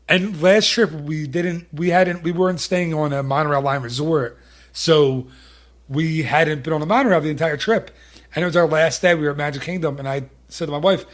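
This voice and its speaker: Man, podcast host, casual chat, rambling, teasing, slightly higher voice. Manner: rambling, teasing, many restarts.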